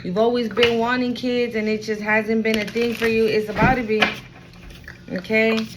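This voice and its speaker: A woman's voice: a little high, level tone, normal speed, noisy background. A woman giving a casual tarot reading at home, talking in a chatty, slangy way full of fillers. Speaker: tarot reader.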